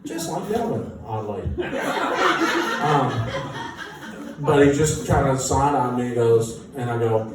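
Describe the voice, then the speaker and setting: A band musician telling an animated, self-mocking story with frequent laughter. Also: male voice, mid-range voice, measured pace, pauses often. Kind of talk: casual anecdote storytelling. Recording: echoey room, distant mic, noisy.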